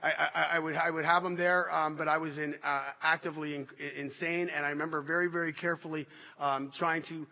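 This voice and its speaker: A man giving an emotional recovery testimony to an audience, halting and restarting as he speaks. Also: fairly high pitch, little pitch movement, sharp tone. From Canada. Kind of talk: personal testimony talk to an audience. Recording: dull echoey hall recording.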